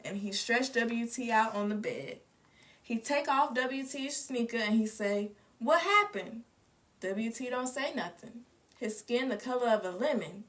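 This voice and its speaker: A woman reading a storybook aloud with expressive, lively narration. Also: on the high side. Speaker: reader. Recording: distant mic.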